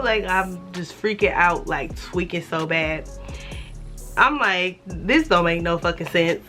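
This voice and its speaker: A woman's voice: lowish voice, animated, unhurried, fairly bright tone, faint music behind. A young adult woman vlogger telling a casual, profane storytime, acting out the voices of the people in it.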